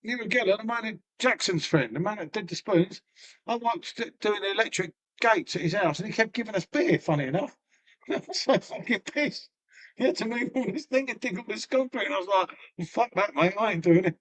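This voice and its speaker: A man's voice: high-pitched, brisk, fairly bright tone. A middle-aged man, chatting casually and rambling to his live-stream viewers, swearing and laughing often.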